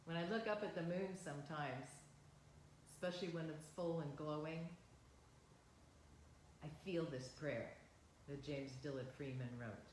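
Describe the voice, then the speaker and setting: A woman minister leading a guided visualization and closing prayer at a livestreamed service, speaking slowly, gently and upliftingly. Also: deep voice, very echoey, slight background noise, low-quality recording.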